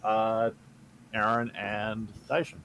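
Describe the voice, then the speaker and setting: A man running a tabletop role-playing session as game master, narrating casually with frequent pauses and fillers. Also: on the low side, flat delivery, creaky, fairly bright tone, a little hiss or hum.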